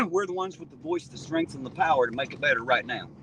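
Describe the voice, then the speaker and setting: A man's voice: fairly high pitch, animated, fairly quick, noisy background. Blunt, profane man rambling on a livestream. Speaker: livestream host reading viewer comments. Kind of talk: casual livestream chat.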